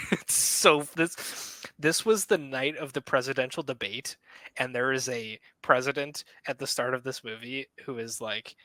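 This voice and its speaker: A young man on a casual film podcast, his voice bright and forward. He talks excitably, swears freely and laughs as he retells scenes, recorded dry and close. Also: medium pitch, a little slow, no echo, rough recording. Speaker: podcast co-host.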